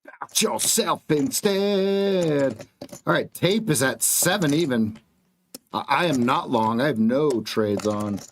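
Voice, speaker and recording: A man's voice: mid-range voice, expressive, a little slow, slight background noise. A man coaching viewers through a live trading stream, giving clipped, blunt market calls with casual slang.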